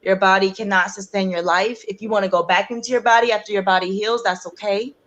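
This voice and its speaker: A young adult woman, a guest on a talk show, earnestly telling a personal story in a halting way, with many fillers and restarts. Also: medium pitch, steady tone, fairly bright tone. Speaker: guest sharing her story.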